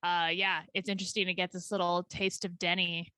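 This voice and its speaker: A woman with a bright, forceful voice chatting animatedly on a podcast and laughing easily. The sound is dry and close, with no room around her. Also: on the low side, level tone, brisk, clear, resonant tone, no echo. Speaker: podcast co-host. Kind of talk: casual chat.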